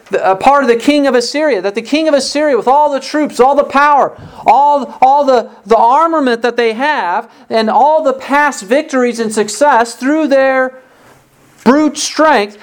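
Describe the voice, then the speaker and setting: A pastor preaching a sermon in an earnest, emphatic way, often repeating words to stress a point. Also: high voice.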